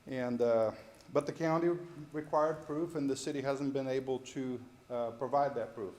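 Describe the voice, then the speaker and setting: A man, addressing a city council politely and in a measured way, with frequent fillers. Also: mid-range voice, steady tone, darkish tone. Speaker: local property owner addressing the council. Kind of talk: public comment at a council meeting.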